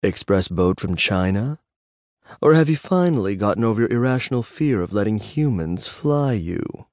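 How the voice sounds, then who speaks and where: A man's voice: fairly low pitch, expressive, moderate pace, darkish tone, dry recording, studio quality, lightly acted. A man doing Bob, a smug teasing dragon. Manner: teasing, sweetly mocking. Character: playful, smug male dragon seer in human form.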